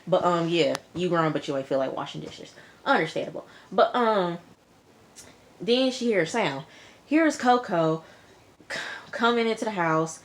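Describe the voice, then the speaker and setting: A woman's voice: lowish voice, animated, unhurried, pauses often. A young woman chatting casually to her viewers about a TV episode, laughing often and talking straight to the audience. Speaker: TV review vlogger. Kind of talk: casual recap chat.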